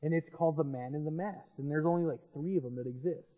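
A man's voice: on the high side, quick pace. A young man, a podcast host, rambling through a movie plot in casual, profane chat, laughing as he goes. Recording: muffled, long reverb, faint music behind.

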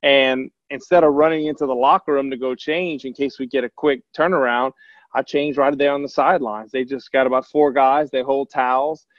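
A man, a former quarterback, telling a long story in a relaxed, rambling way with plenty of fillers. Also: mid-range voice, brisk, dry recording. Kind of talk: casual anecdote telling. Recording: dull lo-fi, dry sound.

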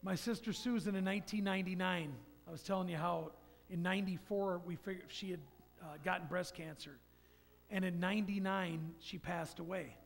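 A man's voice: high-pitched, fairly even intonation, moderate pace, creaky, in a large hall, slight background noise. A man giving an earnest personal testimony in a church, telling stories about faith. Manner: earnest, storytelling. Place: church sanctuary.

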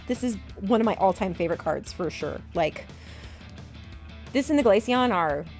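A woman in her thirties chatting excitedly as she opens graded trading cards, gasping and repeating herself. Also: fairly high pitch. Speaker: card collecting vlogger. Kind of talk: excited unboxing chat.

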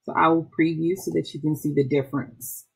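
A woman, an instructional technology trainer, walking through software step by step in a patient, explaining way with small restarts. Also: low-pitched, level tone, fairly quick, creaky, breathy edge. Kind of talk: screen-recorded software tutorial.

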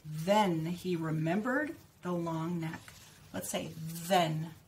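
A woman teaching speech sounds, reading a picture book aloud and slowly repeating practice words with careful articulation. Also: lowish voice, a little mellow, a little hiss or hum. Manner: slow, clearly stressed repetition of target words.

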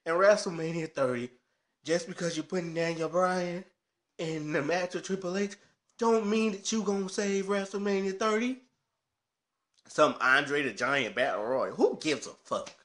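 A man's voice: fairly high pitch, pushed and bright. A man ranting casually to camera with frustration, swearing heatedly about wrestling. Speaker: wrestling fan vlogger. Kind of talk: casual rant.

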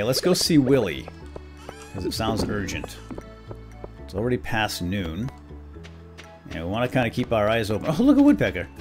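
A middle-aged man giving casual, chatty gameplay commentary, breaking into excited exclamations. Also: fairly low pitch. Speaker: let's play host.

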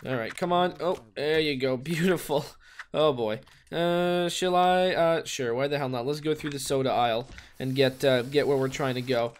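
A man hosting a gaming video, giving casual, excitable play-by-play commentary and exclaiming and swearing often. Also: mid-range voice, moderate pace. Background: faint background music.

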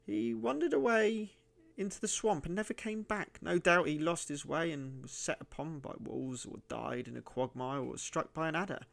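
A man voicing a gnarled, sullen old male miser in a high, cracking, wheedling voice. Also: moderate pace, vocal fry. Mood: fearful wheedling.

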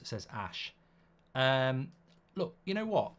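A man's voice: a little high, lively intonation, measured pace, fairly bright tone. A man hosting a live football watchalong, reading viewer comments aloud and giving blunt, chatty opinions.

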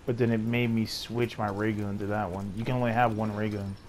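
A man's voice: lowish voice, little pitch movement, brisk, a little mellow. A young man teasing his friend and swearing casually during a co-op video game. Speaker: gamer. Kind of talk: casual gaming banter. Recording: noisy game audio behind.

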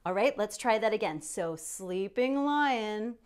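A woman's voice: medium pitch, animated, measured pace, clear, resonant tone. A woman teaching yoga to young children, talking to them directly in a playful, encouraging way and telling a pretend story with gasps and exclamations. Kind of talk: guided kids yoga lesson.

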